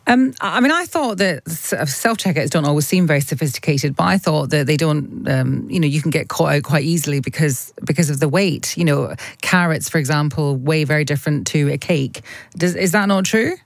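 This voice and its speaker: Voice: mid-range voice, fairly quick, gravelly, hardly any pauses, no room sound, clean studio sound. A host asking questions and musing aloud in a radio discussion, hesitant with many restarts. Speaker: show host.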